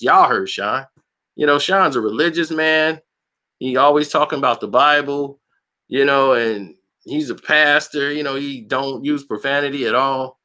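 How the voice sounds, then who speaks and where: Bright-voiced man telling a blunt story. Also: mid-range voice. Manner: animated, acts out quotes in a raised voice; blunt, slangy, combative. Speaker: boxing channel host. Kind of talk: casual storytelling monologue.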